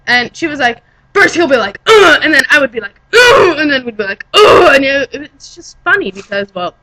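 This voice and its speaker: A woman's voice: mid-range voice, sharp tone, poor audio. A young woman from Pennsylvania telling casual work stories in a chatty, rambling vlog, often correcting herself. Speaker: vlogger.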